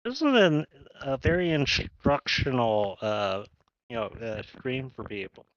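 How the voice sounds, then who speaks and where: A man co-hosting a hobby stream rambles about his mishaps and mocks himself as he goes. The sound is dry and a bit dull, like a lo-fi mic. His pitch sits in the middle. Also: sing-song, a little slow, a bit bright, no echo. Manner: rambling and self-mocking. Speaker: stream co-host. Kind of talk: casual hobby stream chat.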